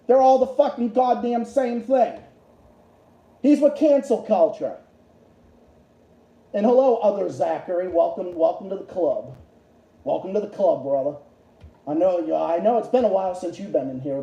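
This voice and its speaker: A man rants into his livestream, cursing constantly and hammering the same points over and over. His voice is dark and mellow even at full fury, and it rings in an echoey room. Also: high-pitched, moderate pace, gravelly, pauses often, highs cut off. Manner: profane, furious, repetitive. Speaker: livestream host. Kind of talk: angry political rant.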